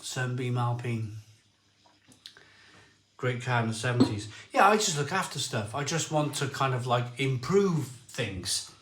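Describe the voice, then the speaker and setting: A man's voice: mid-range voice, measured pace, reverberant, a little hiss or hum. Rambling man telling stories. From Barry, Wales. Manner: rambling storyteller, lively and excitable, often restarts sentences. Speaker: livestream host. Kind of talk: casual livestream chat, reading viewer comments.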